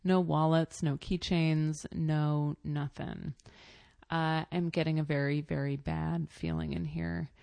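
A woman's voice: sits low, little pitch movement, slow pace, gravelly, a little mellow, no room sound. A woman telling a personal story in a casual, rambling way, full of fillers and self-corrections.

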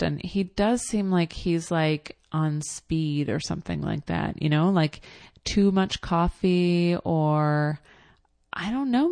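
A woman's voice: on the low side, a little mellow, no echo. A woman telling a casual personal anecdote in a chatty way, full of fillers and blunt asides.

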